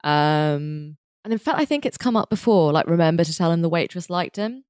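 A woman's voice: lowish voice, expressive, brisk, a little mellow, smooth, dry recording, studio quality. A woman co-hosting a casual chat about a sitcom, chatty and often restarting her sentences. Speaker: podcast co-host.

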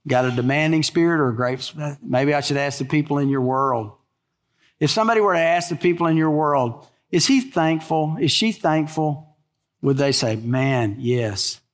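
An older man preaching a sermon in a folksy, animated way, full of stories and rhetorical questions. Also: fairly high pitch, fairly quick. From American South. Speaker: pastor.

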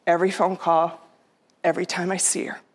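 A middle-aged woman telling a personal story to an audience, heartfelt and unhurried, sometimes dropping to a soft near-whisper. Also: fairly low pitch, little pitch movement. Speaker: storyteller speaker.

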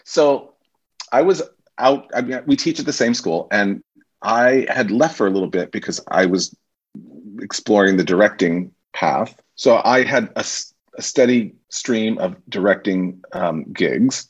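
Low husky man telling stories. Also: unhurried, lo-fi sound. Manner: animated anecdotes, acts out quoted voices. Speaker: guest, stage actor and teacher. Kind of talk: casual interview storytelling.

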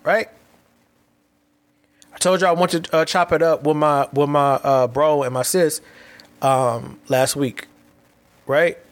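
A man with a notably high voice hosts his own podcast and talks through his thoughts alone. He moves quickly and restlessly, doubling back on words and tossing in casual slang as he goes. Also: steady tone. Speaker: podcast host. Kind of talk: reflective solo podcast monologue.

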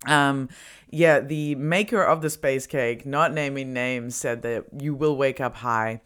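A woman's voice: a bass voice, measured pace, clear, resonant tone. A woman hosting a casual comedy podcast, rambling and giggly, a little spaced out and drowsy. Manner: rambling, giggly, many fillers. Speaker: podcast host.

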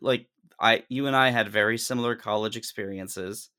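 A man's voice: lowish voice, moderate pace, bright, forceful tone, clear, resonant tone. A man in a candid, casual conversation who rants with exasperation and swears often.

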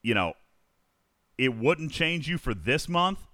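Man, livestream host; lively swinging pitch, bright edge, casual rambling chat. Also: slow, no echo, studio quality. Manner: animated, rambling, reads out chat questions.

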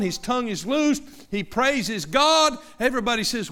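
Forceful man preaching with dramatic swings. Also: very high-pitched, big pitch swings, unhurried. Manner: emphatic, dramatic swings from loud to hushed. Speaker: pastor. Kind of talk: sermon.

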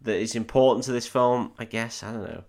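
A man's voice: medium pitch, brisk, creaky, darkish tone. A man co-hosting a podcast, recapping a film in crude, sweary, laughing storytelling. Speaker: podcast co-host.

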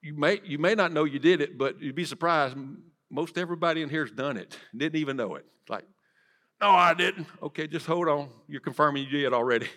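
A man preaching a sermon in church, swinging from loud to hushed and asking the congregation direct questions. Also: on the high side, fast, hardly any pauses. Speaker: pastor. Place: church sanctuary.

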